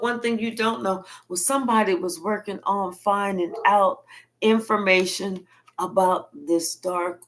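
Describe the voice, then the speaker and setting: A woman giving a spiritual reading, telling it like a profane, animated story. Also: mid-range voice. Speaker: tarot reader.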